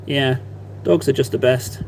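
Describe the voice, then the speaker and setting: A man's voice: medium pitch, fairly even intonation, unhurried, gravelly, a little mellow, slight background noise. A man in his thirties chatting casually on a live stream while he paints, rambling and self-deprecating.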